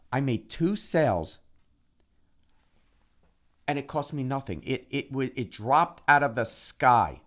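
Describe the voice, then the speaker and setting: A man talking casually in a vlog, excitable and animated, often restarting his sentences. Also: medium pitch, unhurried. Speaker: affiliate marketer. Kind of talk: casual vlog talk to camera. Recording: dull lo-fi recording.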